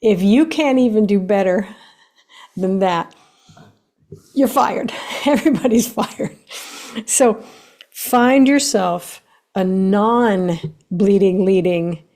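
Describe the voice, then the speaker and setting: A woman's voice: mid-range voice, warm tone. A woman hosting a solo podcast lesson about emotions, speaking emphatically, stacking lists of words, and laughing lightly between points.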